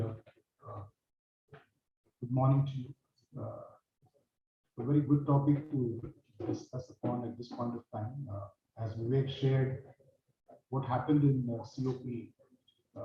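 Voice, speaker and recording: A man giving a formal conference speech, halting with many fillers. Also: mid-range voice, a little hiss or hum. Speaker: utility executive speaker. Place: conference hall. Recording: distant echoey dull hall mic.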